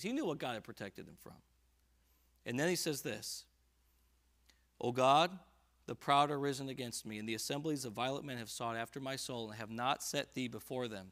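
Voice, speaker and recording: A male pastor preaching a midweek sermon in a church, his voice bright and of middle pitch. He reads verses slowly and then pushes up into loud, fervent emphasis. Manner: swells to loud, fervent emphasis on scripture lines. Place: church sanctuary.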